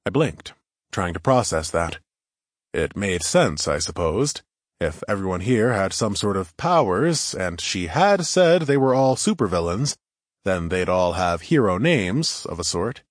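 A man's voice: deep voice, very animated, unhurried, no echo, studio quality. A man narrating a first-person adventure story in a wry, conversational way.

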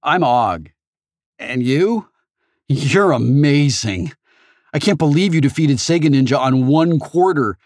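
A man's voice: a little high, animated, slow pace, a little mellow, dry recording, studio quality, voice pushed up. A man voicing a nervous, lovestruck teenage boy who stammers and talks awkwardly and eagerly in an audiobook. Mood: smitten.

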